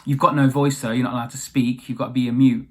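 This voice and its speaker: A man's voice: mid-range voice, little pitch movement, fast, lightly acted. A man voicing a female octopus sea witch who rambles through a bargain in an offhand way. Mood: scheming. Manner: offhand, rambling deal-making.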